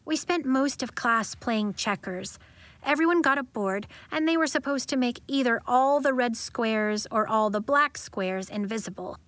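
Talkative schoolgirl read by a woman, bright and lively, dry close sound. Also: fairly high pitch, moderate pace, no room sound, lightly acted. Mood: chatty. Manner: chatty, giggly storyteller. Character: chatty schoolgirl who makes things big.

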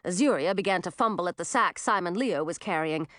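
A woman reading a storybook aloud, her voice rising and falling in a lively, expressive way. The recording is dry and close, with no room sound. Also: on the low side, fairly quick, no echo. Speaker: narrator. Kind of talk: storybook narration.

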